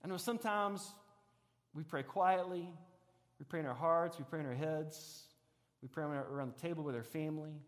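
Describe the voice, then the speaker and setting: A man preaching a sermon as a pastor, moving between raised preaching and soft, hushed reflection. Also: a little high, normal speed. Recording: long hall reverb.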